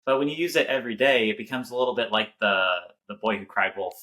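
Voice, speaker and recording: A man in his late twenties co-hosting a podcast, talking in a measured, hesitant way with wry remarks. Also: medium pitch, sharp tone. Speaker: podcast co-host. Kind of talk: casual chat.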